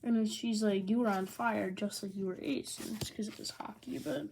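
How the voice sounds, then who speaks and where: A chatty woman talks through a manga volume in easy, casual chat. She is sarcastic and slips in quick impressions of the characters, and her voice has a gravelly, fry-heavy edge. A steady hiss and small clicks run under the recording. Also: mid-range voice. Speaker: manga reviewer.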